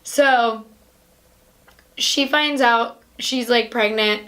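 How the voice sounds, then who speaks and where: High-voiced woman gushing through a recap. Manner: animated, fast retelling with many "like"s and acted-out quotes. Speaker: podcast host. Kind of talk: casual chat recapping a film.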